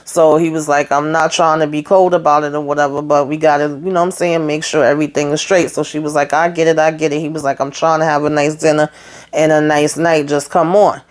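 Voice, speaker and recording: A woman's voice: low-pitched, level tone, a little fast. Woman w/ recapping her show, chatty, acts out the lines as she retells em. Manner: retells scenes in quoted dialogue, chatty asides. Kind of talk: casual recap commentary.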